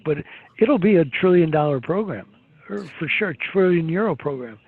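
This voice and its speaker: A man holds forth on markets in a rambling, opinionated way, full of restarts and fillers. His voice is husky and sits fairly high. The sound is thin and phone-like. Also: expressive, moderate pace. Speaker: market commentator guest. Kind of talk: casual market commentary. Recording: tinny phone-like line.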